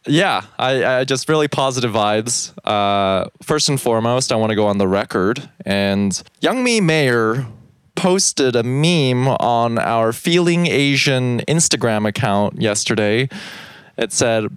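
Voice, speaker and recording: A man co-hosting a podcast, talking in a relaxed, measured way in casual chat. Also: medium pitch, clean tone, no echo. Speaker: podcast co-host.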